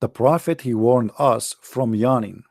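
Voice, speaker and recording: Gravelly man with a mocking tone. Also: mid-range voice, measured pace, a little mellow, no echo, clean studio sound. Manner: mocking, theatrical, with mock sneezes and sung lines. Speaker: online religious commentator. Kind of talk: sarcastic monologue.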